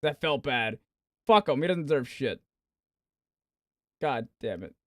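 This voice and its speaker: A man's voice: medium pitch, lively intonation, measured pace, no echo, studio quality. A young man streaming a game, ranting and swearing in melodramatic outbursts in a casual chat. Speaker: gaming streamer. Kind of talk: casual live-stream chatter.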